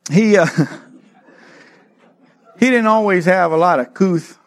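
A middle-aged man preaching, telling a childhood story with lively acted-out voices. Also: high-pitched, slow pace. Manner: animated storyteller, acts out voices, laughs often. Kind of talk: sermon with a personal story.

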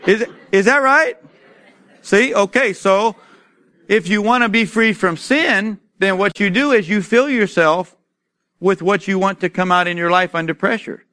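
A man preaching a sermon to a congregation in church, speaking emphatically, asking the congregation to answer back, and slowing down to read scripture. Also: high-pitched, pushed and bright.

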